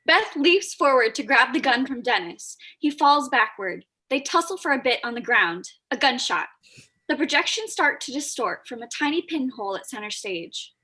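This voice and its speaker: Woman, stage directions reader, husky, high voice, live play reading. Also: expressive, normal speed, pushed and bright.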